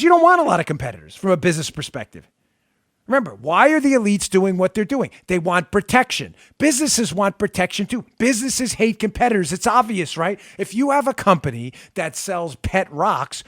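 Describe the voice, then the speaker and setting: A man hosting a political talk show, delivering an emphatic, sarcastic monologue that swings between loud and quiet, on a close studio mic. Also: sits high, no room sound. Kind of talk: opinionated talk radio monologue.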